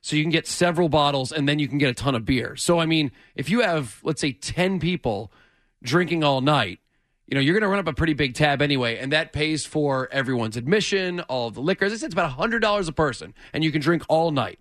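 A man's voice: fairly high pitch, expressive, fast talker, a bit bright, no echo. A man, a regular on a talk show, chatting casually in the studio and insisting patiently on his point. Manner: insistent, explains patiently, laughs easily.

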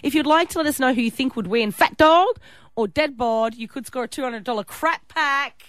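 An Australian woman co-hosting a breakfast radio show, teasing her co-host in quick banter. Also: high-pitched, fairly bright tone, no echo. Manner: teasing, bossy.

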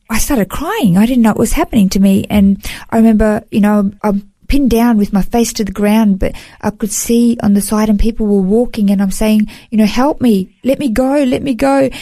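In this emotional first-person story, an Australian guest gives an earnest personal testimony, frequently saying "you know." She talks a little fast with few pauses, in a mellow, medium-pitched voice recorded without room sound.

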